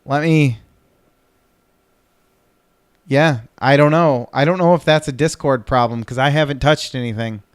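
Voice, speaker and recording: The clean, dry studio sound captures a medium-pitched, clear-toned man speaking at a moderate pace. He's in his thirties and co-hosts an informal podcast from home, drifting from point to point, stopping himself mid-thought and cursing when he loses his composure.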